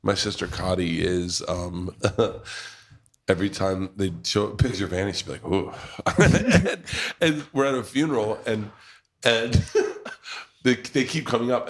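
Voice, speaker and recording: A middle-aged man hosting a podcast, telling rambling, laugh-filled stories with plenty of swearing. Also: fairly low pitch. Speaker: podcast host. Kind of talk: casual storytelling chat.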